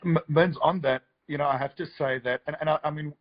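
A man's voice: a little high, fairly even intonation, fast talker, highs cut off. A man, a filmmaker guest, chatting enthusiastically on a live stream, joking and restarting his sentences often. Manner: enthusiastic, rambling, jokey with many restarts. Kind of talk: casual live-stream chat.

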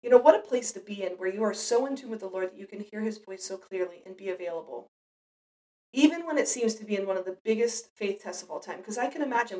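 A woman's voice: medium pitch, animated, fast, mellow, far from the mic, rough recording. A mother giving an earnest, reflective devotional Bible teaching, speaking directly to the listener.

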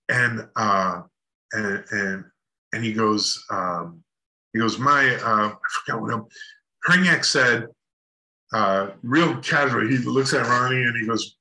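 A man's voice: medium pitch, sharp tone, low-quality recording. A middle-aged man as a guest on a talk show, telling a long anecdote in a rambling way with restarts and laughs. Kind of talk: casual storytelling chat.

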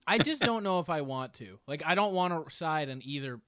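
A man's voice: on the high side, expressive, a little fast, a bit bright, no echo, clean studio sound. A young man guesting on a comedy podcast, sarcastic and full of mock-insulting banter. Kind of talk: casual comedic podcast chat.

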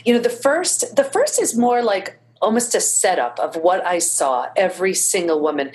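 A woman's voice: medium pitch, animated, normal speed, a little mellow. A woman being interviewed, explaining her ideas earnestly with images and examples. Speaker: guest, researcher of women. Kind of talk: reflective interview talk.

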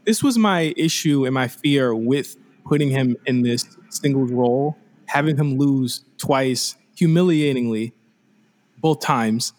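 Man, podcast co-host, casual chat, animated, restarts his sentences a lot. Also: mid-range voice, unhurried. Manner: animated, repeats words when starting sentences.

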